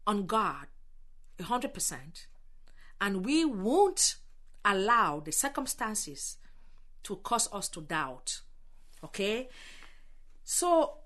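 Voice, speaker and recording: A woman preaches with impassioned, exhorting fervor, leaning hard on key words. Her fairly high voice swoops and climbs with lively energy as she urges her listeners on. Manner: impassioned, exhorting, with emphatic drawn-out stresses. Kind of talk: sermon.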